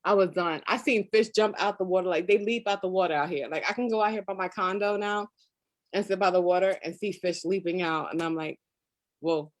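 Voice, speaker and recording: A woman's voice: on the low side, a little fast, no room sound. A woman guest chatting casually in an interview, telling stories and laughing often. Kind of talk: casual chat. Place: lives in Florida.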